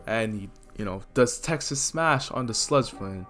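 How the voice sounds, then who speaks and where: A young man casually narrating a fan story in a rambling, relaxed way with plenty of fillers. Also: lowish voice, moderate pace, hardly any pauses. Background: faint lofi music.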